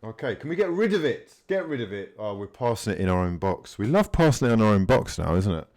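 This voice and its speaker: A man giving live fan commentary while watching a match, swinging between mutters, swearing and shouts at the players. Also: fairly low pitch, big pitch swings, fast. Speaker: fan channel host.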